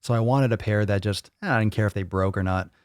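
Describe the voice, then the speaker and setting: This fitness podcast host has a lowish, darkish voice that is clear and resonant, and he talks fairly quickly. He hosts a live Q&A, reading viewer comments with crude jokes and mocking impressions of others. The studio-microphone recording is dry and studio quality.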